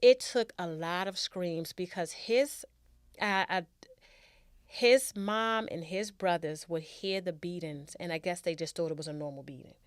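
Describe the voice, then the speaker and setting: Woman telling a halting personal story. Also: fairly low pitch, no echo, clean studio sound. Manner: halting, with restarts and emphatic repetition. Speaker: guest storyteller.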